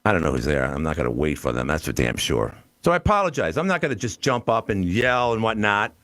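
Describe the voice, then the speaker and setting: A man's voice: sits low, big pitch swings, fast talker, fairly bright tone. An American man hosting a call-in radio show, blunt and exasperated, often cutting in on callers. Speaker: radio talk show host.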